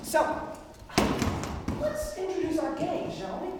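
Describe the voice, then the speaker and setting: A young woman hosting a live improv comedy show on a large stage, bubbly and laughing as she calls out cues, filmed from far off in an echoey hall with a loud crowd. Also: extremely high pitch, big pitch swings, slow. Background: audience crowd and noise.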